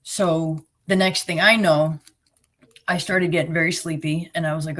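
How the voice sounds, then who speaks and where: Here a low-pitched, fairly bright female voice keeps a fairly even intonation at normal speed. She's a middle-aged guest from New Jersey with a Jersey accent, recounting her personal story with plain-spoken bluntness and sarcasm.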